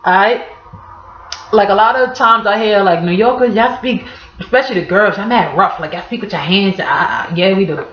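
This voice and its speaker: A woman's voice: mid-range voice, brisk, a bit bright. A woman with a Harlem, New York accent explaining local slang in a blunt, profane, playful way. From Harlem, New York City. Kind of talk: casual slang explainer vlog. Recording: echoey room, slightly dull audio.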